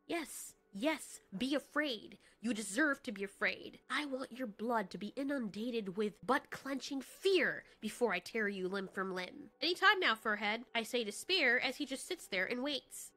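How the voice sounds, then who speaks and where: A woman's voice: a little high, bright, forceful tone. A woman voicing a proud, hot-tempered female dinosaur in a first-person story, boastful and snarky. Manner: boastful, easily annoyed, snarky.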